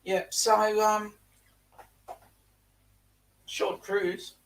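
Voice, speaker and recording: A man's voice: high voice, flat delivery, very slow, fairly bright tone, far from the mic, slight background noise, low-quality recording. A man co-hosting a live chat stream, speaking with a South African-tinged Australian accent and reading out viewer comments. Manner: chatty, reads out viewer comments. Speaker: co-host.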